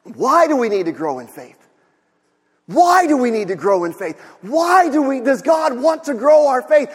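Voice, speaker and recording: A man preaches with a strikingly high voice, driving his points home and often rising to shouts. He asks rhetorical questions and answers them himself. His voice rings with the long reverb of a large hall. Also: big pitch swings, normal speed, breathy edge. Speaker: pastor. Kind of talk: sermon.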